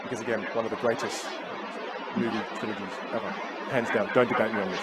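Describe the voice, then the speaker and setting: A man coaching on communication at a live seminar. He acts out inner voices with big jumps in pitch. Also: fairly even intonation, fast, over a noisy crowd, heavy background noise.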